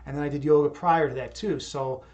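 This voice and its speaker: A man's voice: on the high side, fairly even intonation, brisk, darkish tone, muffled recording. A young man hosting a livestream, chatting casually and reading viewer comments, rambling and repeating words, hyped up after a yoga session. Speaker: livestream host.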